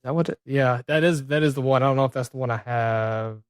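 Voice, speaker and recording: A man's voice: medium pitch, fairly quick, clear, resonant tone, no room sound, clean studio sound. An American man in his thirties, co-hosting a casual sports chat in a loose, rambling way with lots of fillers. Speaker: co-host, former player.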